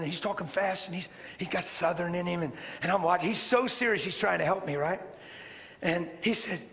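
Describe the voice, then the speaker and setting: Animated high-voiced preacher man. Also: normal speed. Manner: animated, rising to shouts. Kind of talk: sermon storytelling. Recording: long hall reverb, faint noise.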